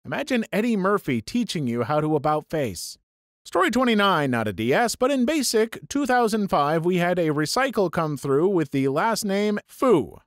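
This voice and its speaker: A man reading online stories aloud for his channel, with lively, sarcastic asides. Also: high-pitched, moderate pace, no echo, clean studio sound. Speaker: story channel narrator.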